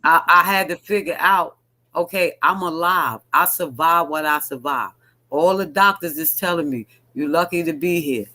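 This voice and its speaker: A man's voice: a little high, moderate pace, bright, forceful tone, poor audio. A man talking candidly and earnestly in a casual online talk show, often restarting his sentences.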